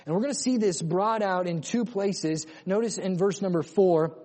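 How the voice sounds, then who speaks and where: A man preaching an emphatic sermon, rising to urgent loud lines and then dropping to quiet ones. His voice sits high for a man. A long reverb from a large hall trails every phrase. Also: moderate pace, few pauses. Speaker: pastor.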